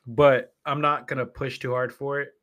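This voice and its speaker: A man's voice: medium pitch, flat delivery, normal speed, a bit bright. Rambling, chatty man live-streaming. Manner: rambling, chatty, self-interrupting. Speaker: streamer and podcast host. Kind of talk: casual live-stream chat.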